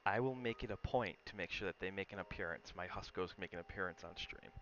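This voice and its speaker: A man's voice: deep voice, fast, a bit bright, highs cut off, a little hiss or hum. A man streaming from home, chatting casually with viewers, coaxing his dog and reading aloud.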